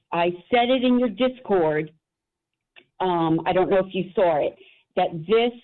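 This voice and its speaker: A woman calling a sports radio show, emotional and close to tears, talking in a gushing, rambling way. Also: mid-range voice. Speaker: caller. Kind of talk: phone-in call to radio. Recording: phone line.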